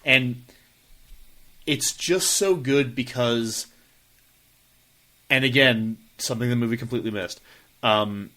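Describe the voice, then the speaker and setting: A man's voice: medium pitch, slow pace, pauses often, bright, forceful tone. A man co-hosting a podcast, chatting casually about a book in a rambling way, with many fillers and restarts. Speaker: podcast co-host.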